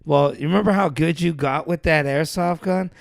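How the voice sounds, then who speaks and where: A man co-hosting a podcast in casual chat, an animated storyteller who laughs often. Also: fairly high pitch, moderate pace, creaky, no room sound, studio quality. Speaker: podcast co-host.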